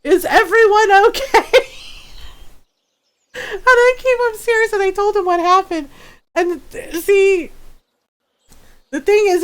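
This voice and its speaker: A middle-aged woman with a high voice chats as she plays a game on stream. She talks slowly and rambles through a story, breaking into laughter often. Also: a bit bright. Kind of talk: casual chat while gaming.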